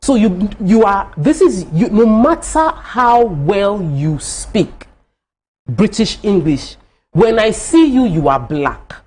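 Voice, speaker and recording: A woman's voice: medium pitch, big pitch swings, slow pace, darkish tone, husky. A Nigerian woman panelist on a TV talk show, arguing with passion and often restarting her phrases. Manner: impassioned, emphatic, restarts phrases. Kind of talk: studio discussion.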